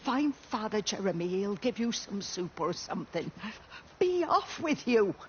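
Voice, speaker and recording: A woman's voice: mid-range voice, very animated, measured pace, muffled recording, slight background noise. An actress voicing a firm, scolding older village woman, searching for her son in a video game. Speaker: game character.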